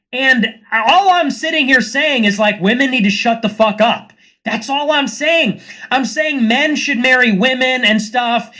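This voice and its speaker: A man with a high, bright voice delivers a loose, rambling monologue as a livestream host. His tone is sarcastic throughout, and he keeps wandering from one aside to the next. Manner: sarcastic, rambling, slips into mocking put-on voices. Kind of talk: casual ranting monologue.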